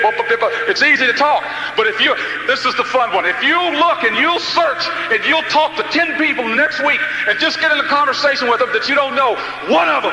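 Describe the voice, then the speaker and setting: A man's voice: very high voice, echoey room, big-room sound, background noise. A man giving a live motivational speech, telling folksy, humorous stories to his audience. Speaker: motivational speaker.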